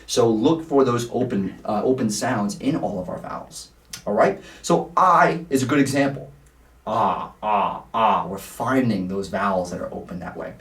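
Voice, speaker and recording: A man's voice: mid-range voice, lively intonation, normal speed, a bit bright. Roomy, distant male singing teacher. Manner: patient, demonstrative, sings vowel examples. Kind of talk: vocal lesson. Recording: roomy sound, mic at a distance.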